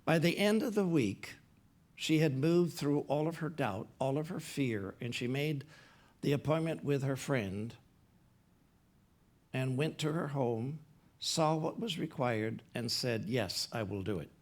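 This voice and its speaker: A man's voice: mid-range voice, animated, a little slow, darkish tone. Man preaching in storytelling style. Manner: conversational, retells a story with quoted dialogue. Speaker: pastor. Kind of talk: sermon storytelling. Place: church platform.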